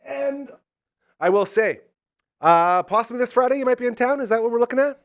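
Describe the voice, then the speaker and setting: Effusive podcast host man, lively pitch. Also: brisk, dry recording, clean studio sound. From Canada. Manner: enthusiastic, effusive, swinging loud and soft. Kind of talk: live podcast talk with ad reads.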